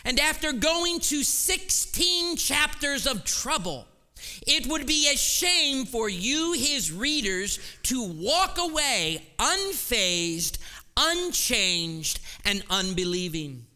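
Man, pastor, sermon, high-pitched, smooth resonant tone, slow delivery, emphatic repetition, echoing church hall. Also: big pitch swings. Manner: builds to loud, emphatic, repeated phrases. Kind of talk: sermon with scripture reading and prayer. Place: church sanctuary. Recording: long reverb of a large hall.

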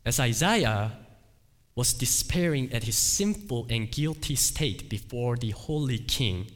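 Slow, animated preacher man, echoing church. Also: mid-range voice. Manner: emphatic, repeats phrases, swings between loud cries and quiet asides. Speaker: pastor. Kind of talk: sermon. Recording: long hall reverb.

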